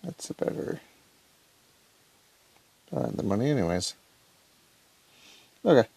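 Gamer guy, slow and gravelly, casual play-along commentary. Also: on the low side. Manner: relaxed, muttering to himself while playing. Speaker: mobile gamer.

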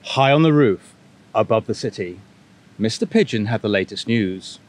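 Man, children's book reader, lively sing-song delivery, enthusiastic. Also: fairly low pitch, moderate pace. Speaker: bookshop reader. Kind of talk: reading a picture book aloud with commentary.

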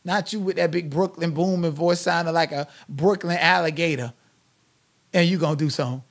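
A man with a gravelly, raspy edge to a fairly high voice, hosting a live-stream commentary show. He delivers blunt, sassy opinions with heavy emphasis and plenty of attitude. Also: steady tone, a little fast. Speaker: channel host and commentator.

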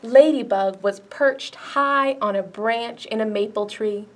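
A woman children's librarian reading a picture book aloud, slowly and gently, pointing out puppets. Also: a little high. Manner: slow, gentle storytime reading.

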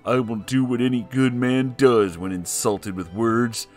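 A macho, vengeful cartoon tomcat from a silly storybook read-aloud, voiced by a man. He speaks with gruff, mock-heroic sternness, close to the reader's own voice. Faint music plays behind. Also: mid-range voice, steady tone, a little slow, natural voice. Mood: angry.

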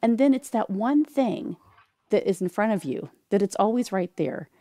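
A woman's voice: medium pitch, expressive, moderate pace, mellow, dry recording. A woman hosting an interview, encouraging her guest and summing up the guest's story. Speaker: interview host. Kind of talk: conversational interview.

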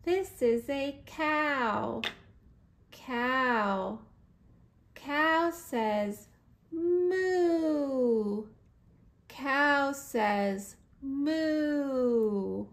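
A woman teaching first words to toddlers, repeating single words slowly and clearly. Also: sits high, a bit bright. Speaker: preschool teacher.

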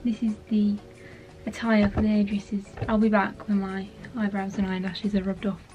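A woman's voice: medium pitch, monotone, moderate pace, highs cut off, faint music behind. A young woman, chatting frankly to camera in a casual vlog. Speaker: beauty vlogger.

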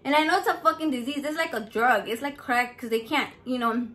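A high-pitched woman talks straight to camera from her home. She is brash and foul-mouthed, and she drops words into her as she chats through her cooking vlog. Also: fairly quick. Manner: brash, foul-mouthed, animated, mixes Spanish into English. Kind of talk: casual profane chat to camera.

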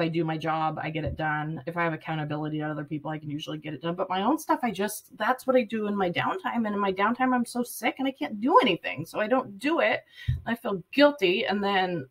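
A woman in her late thirties speaks straight to the camera in a personal vlog. She is earnest and rambling, and she stays close to tears. Her voice sits at an ordinary middle pitch. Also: breathy edge. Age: 30s. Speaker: vlogger.

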